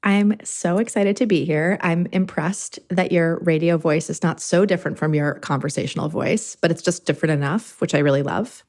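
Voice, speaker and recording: Low-voiced woman film director guest. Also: a little mellow. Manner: thoughtful and articulate, speeding up and slowing down as she reflects. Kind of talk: conversational interview.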